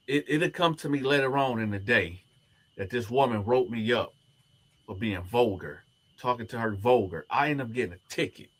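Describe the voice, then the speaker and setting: A man's voice: medium pitch, moderate pace, husky. A man, a former prisoner, telling a story and acting out the other people's lines as he goes. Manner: animated, acts out the other people's quoted lines. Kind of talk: storytelling to camera.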